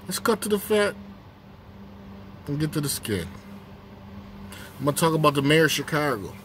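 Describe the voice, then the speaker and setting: Taking a break from work, a man hosts a laid-back commentary vlog in a fairly high, somewhat bright voice with big swings in pitch. He speaks at a moderate pace, putting things bluntly and repeating himself to drive points home. A little background noise is present.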